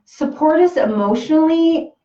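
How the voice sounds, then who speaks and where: Her voice sits high, mellow and expressive, moving at normal speed as she co-hosts a laid-back spiritual chat in a soothing, reassuring manner with frequent restarts. Everything is captured from afar in a roomy space with a dull tone.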